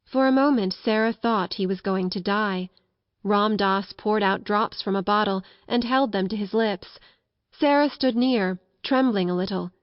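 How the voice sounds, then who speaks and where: A woman reading a classic children's novel aloud, narrating gently and lifting her voice for the characters. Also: medium pitch, no room sound, highs cut off. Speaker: audiobook narrator.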